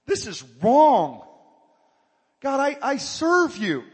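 A man voicing a whining believer who pleads with God in a high, loud, complaining voice. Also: big pitch swings, slow pace, big-room sound, exaggerated voice.

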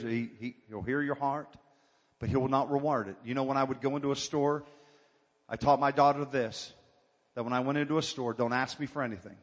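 A man's voice: mid-range voice, big-room sound. A male pastor preaching a sermon, calling for amens and building to fervent exhortation. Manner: call-and-response preaching, rising to fervent exhortation.

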